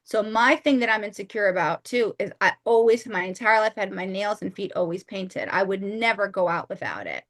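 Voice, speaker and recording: Bright candid woman co-host. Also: medium pitch, animated, fairly quick, few pauses. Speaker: podcast co-host. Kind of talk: casual chat.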